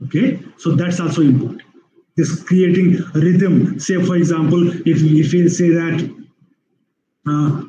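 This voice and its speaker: A man giving an online webinar lecture on English skills, explaining slowly with repeated phrases and drawn-out spoken examples. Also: a little high, steady tone, mellow, echoey room, a little hiss or hum, rough recording.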